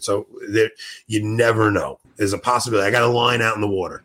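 A man's voice: lowish voice, fast talker, bright, forceful tone. A man hosting a podcast in casual chat, enthusiastic and rambling, sounding tired. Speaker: podcast host.

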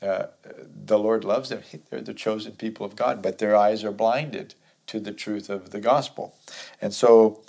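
A man's voice: fairly low pitch, steady tone, normal speed, creaky, dark tone. A man teaching through a Bible chapter verse by verse, reading scripture aloud and then explaining it in a conversational way.

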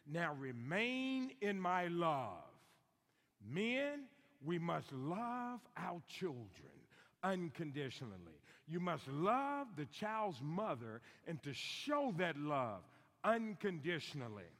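A middle-aged man preaching a sermon in a church, emphatic and repeating key lines slowly for stress. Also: fairly high pitch, sing-song, a bit bright. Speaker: guest preacher on fathering. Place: church sanctuary. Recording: long hall reverb.

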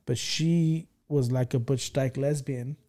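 A man from California hosting a podcast, telling a childhood story in an animated, profane way and checking in with his listeners as he goes. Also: medium pitch, takes it slowly. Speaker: podcast host. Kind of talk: casual storytelling.

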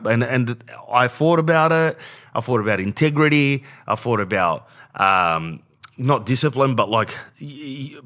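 A man's voice: mid-range voice, fairly bright tone. A man ranting bluntly in slangy casual talk, often saying "bro", as a podcast host. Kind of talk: casual rant.

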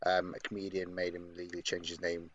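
Low-voiced British man, lo-fi mic. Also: completely flat delivery, a little fast, a bit bright, a little hiss or hum. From Britain. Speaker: podcast co-host. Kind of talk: casual podcast chat.

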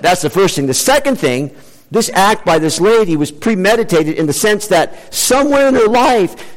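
A man preaching a sermon in an animated, emphatic way, changing his pace for effect. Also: sits high. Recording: long hall reverb.

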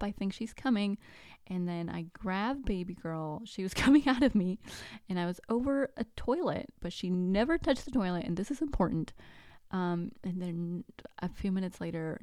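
A woman in her thirties hosting a podcast, telling a personal story in a casual, animated way, acting out the dialogue and sometimes dropping to a whisper. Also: mid-range voice, dry recording, clean studio sound. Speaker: podcast host.

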